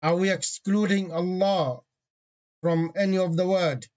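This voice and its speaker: A man with a somewhat high voice leads an online grammar lesson, quizzing his students as he goes. The sound is dull and lo-fi, as if from a basic class call. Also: fairly even intonation, a little slow, darkish tone. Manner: asks the class questions, reads Arabic parsing terms. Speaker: Arabic grammar teacher.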